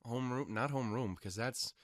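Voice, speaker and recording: A man's voice: mid-range voice, normal speed, no echo, clean studio sound. A man hosting a casual reading of a game, rambling, self-mocking and swearing freely. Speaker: video host reading a game. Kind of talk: casual let's-play commentary.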